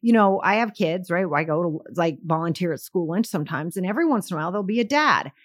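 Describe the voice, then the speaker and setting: A woman's voice: lowish voice, animated, fast, dry recording, clean studio sound. A middle-aged woman on a podcast, talking emphatically and telling stories with acted-out quotes. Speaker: podcast guest, sales coach. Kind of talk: podcast conversation.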